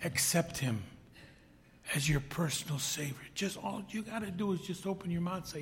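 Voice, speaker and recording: A man preaching a sermon, reading scripture aloud, rising to loud emphatic peaks and dropping to soft hushed whispers. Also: high voice, animated, a little hiss or hum. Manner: slow, swells loud then drops to a hushed whisper. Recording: long hall reverb.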